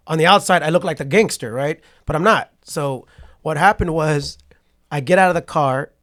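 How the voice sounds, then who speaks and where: A fairly high-pitched man's voice at normal speed belongs to a podcast guest in his forties from Patterson, California. He tells a story in a casual interview, playing out people's quotes with animation and frequently asking "right?"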